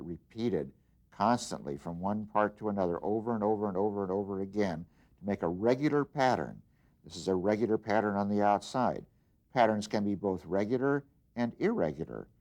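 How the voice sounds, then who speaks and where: A man teaching art, explaining design step by step in a patient, plain way with frequent pauses and restarts. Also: fairly low pitch, a little mellow. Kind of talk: instructional demonstration.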